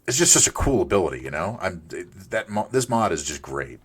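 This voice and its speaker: Deep-voiced man in his forties. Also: big pitch swings, brisk, few pauses, slightly rough. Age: 40s. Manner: rambling, chatty, with filler restarts; playful asides to himself. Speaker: let's play host. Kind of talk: casual gameplay commentary.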